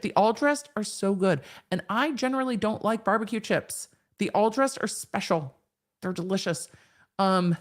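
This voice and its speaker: A woman in her thirties with a mid-range voice hosts a live stream, reading her viewers' chat comments out loud and responding to them in a frank, chatty manner.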